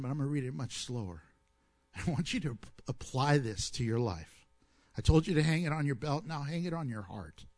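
A man preaching a sermon as pastor, lively and emphatic, then dropping low and soft into prayer.

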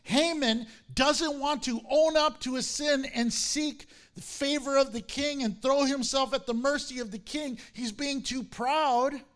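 Male preacher, high and expressive voice, slow delivery, playful and animated storyteller. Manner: animated, laughing, acting out the characters. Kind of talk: sermon.

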